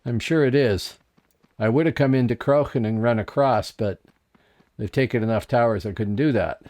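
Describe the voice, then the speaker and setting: Here a man with a mid-range, darkish voice talks at normal speed. He offers casual commentary on the online game he's streaming, musing aloud and responding to chat.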